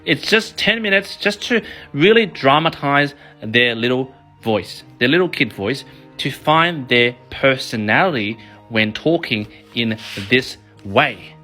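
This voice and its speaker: A man in his thirties talks to camera about raising kids, energetic and emphatic, with a bright, forceful tone. His delivery is animated, and faint music plays behind him. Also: medium pitch, a little slow. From Australia. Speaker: parenting and kids' finance author. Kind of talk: motivational talk to camera.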